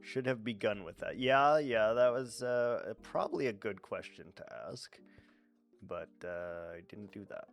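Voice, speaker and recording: Slow, rambling man streaming a game. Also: fairly low pitch. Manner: rambling, swears freely, talks to chat and his pet. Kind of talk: casual gaming stream chat. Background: faint background music.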